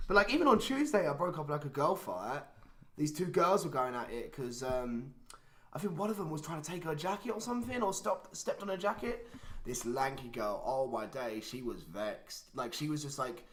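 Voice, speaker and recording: A man's voice: a little high, lively intonation, normal speed, a bit bright. A young man, casually telling a profane story and peppering it with "like". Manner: swearing storyteller, heavy use of "like". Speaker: podcast co-host. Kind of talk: casual chat. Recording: echoey room.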